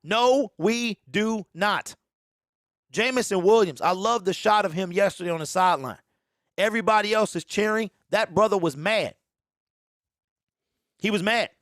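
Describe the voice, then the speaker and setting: Excitable sports host, high-pitched, dry close mic, casual live-stream riffing. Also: male voice, moderate pace, long pauses, no echo. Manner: excitable, repeats himself, mocks fans in a mimicking voice.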